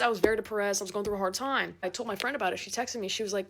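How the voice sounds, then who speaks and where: A young woman doing a casual, sarcastic comedic monologue, animated and quick to laugh. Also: mid-range voice. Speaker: comedic creator.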